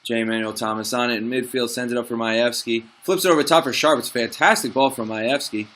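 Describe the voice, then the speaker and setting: A young man narrating his own football management game like a commentator. His voice is bright and ringing, his pitch sits mid-range for a man, and his excited calls give way to frustrated muttering about his team. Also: fast talker, slight background noise. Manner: excitable, frustrated, swings from play-by-play to grumbling asides. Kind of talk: let's play commentary.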